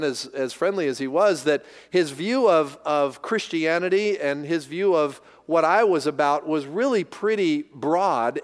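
Earnest preaching pastor in a hall. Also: male voice, on the high side. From United States. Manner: earnest, rising to emphatic repetition. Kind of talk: sermon.

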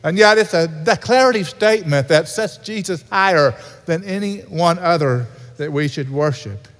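A pastor delivering an earnest sermon in a church, repeating key points for emphasis. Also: male voice, fairly high pitch, normal speed, fairly bright tone. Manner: earnest preaching with repetition. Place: church sanctuary. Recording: reverberant hall.

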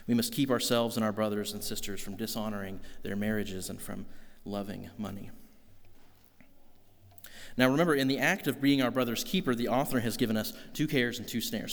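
A man's voice: fairly low pitch, big-room sound. A man preaching a sermon in an earnest, conversational way, asking the congregation rhetorical questions. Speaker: pastor.

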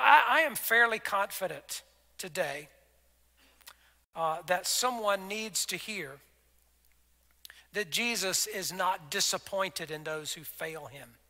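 A man preaching a sermon as pastor, conversational, acting out scripture dialogue and dropping to soft, intimate tones. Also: high voice. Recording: long reverb of a large hall.

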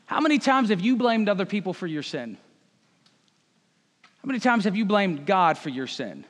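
Male pastor, relaxed sermon with wry jokes, high voice, reverberant hall. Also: normal speed. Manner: conversational, joking asides.

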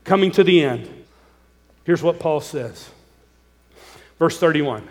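A man's voice: on the high side, animated, slow, in a large hall. A pastor preaching a sermon, earnest and pleading as he urges his listeners.

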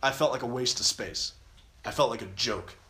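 This camp speaker has a mid-range voice that comes across bright and forceful, moving at a moderate pace. Restarting often and circling back over the same phrases, he earnestly recounts his personal testimony in an echoing space.

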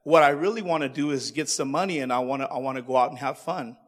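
A man's voice: medium pitch, quick pace, close to an everyday voice. A man voicing a boy who grows into a tired old man, offhand and dismissive.

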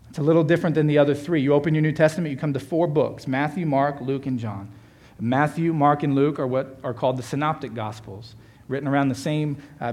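A man's voice: fairly high pitch, a little mellow. A middle-aged man, a pastor, giving a sermon in a conversational, self-deprecating way with playful asides.

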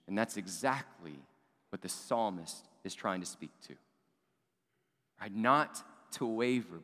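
A man's voice: fairly low pitch, fairly bright tone. A man preaching a sermon as a pastor, earnest and building with emphasis, often posing rhetorical questions. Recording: long reverb of a large hall.

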